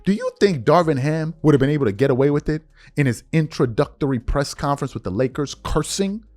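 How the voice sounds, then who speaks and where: A man's voice: on the high side, animated, fairly quick, a little mellow. A man hosting a podcast, delivering a heated commentary monologue, calling out his listeners with rhetorical questions and mocking how they talk. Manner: mocks others by mimicking their speech. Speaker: podcast host.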